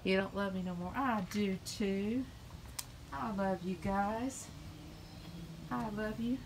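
A woman with a drawl coos and chatters at her cats in sing-song baby talk. She is recorded outdoors on a phone camera, with a faint hiss of outdoor noise behind her. Her pitch sits in the middle range. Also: slow. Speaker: vlogger. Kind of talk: casual pet vlog. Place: outdoors by a house.

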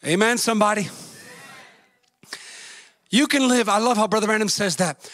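A man preaching a fervent sermon, swinging between shouts and a singsong cadence and acting out the voices in his stories. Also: high-pitched, moderate pace. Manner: acts out story voices, folksy grammar.

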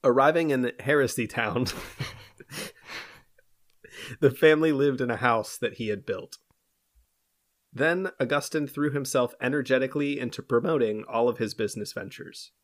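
A man's voice: medium pitch, moderate pace, pauses often. A male podcast host who tells a history story from a script and banters casually between passages. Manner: reads prepared narration steadily, then banters loosely. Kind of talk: scripted history narration mixed with casual chat.

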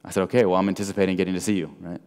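A man preaching an evangelistic sermon, telling stories and swinging between loud and soft. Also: low-pitched, little pitch movement, racing. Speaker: guest speaker. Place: large church hall. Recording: long hall reverb.

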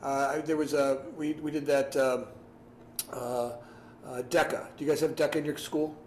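A man talks to a class over a video call, lively and repetitive, acting out what went through his head. His voice sits a bit high for a man. The room echoes, with a faint hiss behind him. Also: moderate pace. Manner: animated, repeats himself, acts out his own past thoughts. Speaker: guest speaker. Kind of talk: casual advice talk on a video call.

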